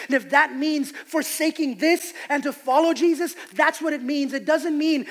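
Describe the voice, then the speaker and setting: A pastor preaching a sermon in a church, impassioned and emphatic, swinging between loud declarations and hushed lines. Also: male voice, very high voice, moderate pace, hardly any pauses. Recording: music playing behind the preaching.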